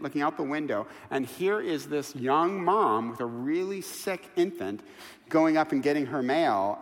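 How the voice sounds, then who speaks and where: A man preaching a sermon as pastor, telling stories with lively, acted-out quotes. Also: a little high. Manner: animated storytelling, quoting people in voices. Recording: long hall reverb.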